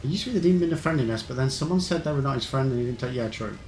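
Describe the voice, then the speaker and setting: Young black country bloke streaming, rambly and chatty, reads chat out loud, game music going behind him. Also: male voice, medium pitch, lively intonation, very fast. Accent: Black Country English. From England. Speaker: streamer playing a video game. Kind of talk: casual live-stream chat.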